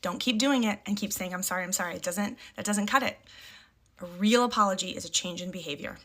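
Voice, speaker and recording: A middle-aged mother talks straight to camera in a casual, emphatic way. She drops into short, firm catchphrases and repeats them for weight, with a voice pitched right in the ordinary middle range for a woman. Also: fast talker, fairly bright tone. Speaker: parent sharing parenting advice.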